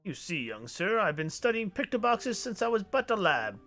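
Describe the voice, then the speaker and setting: A man's voice: high voice, very animated, normal speed, pushed and bright, faint music behind, voice pushed up, full character voice. A man doing a grand, fussy old inventor. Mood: grandiose. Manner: formal, flowery old-fashioned speech.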